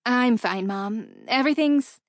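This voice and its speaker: A woman voicing a soft, hurt young fiancée. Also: fairly high pitch, a little slow, dry recording, clean studio sound, close to an everyday voice. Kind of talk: audiobook character reading.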